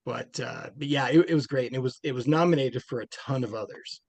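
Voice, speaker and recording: A man's voice: medium pitch, a little fast, a little mellow, dry recording. A man, a film director being interviewed, talking casually and rambling with many restarts and fillers.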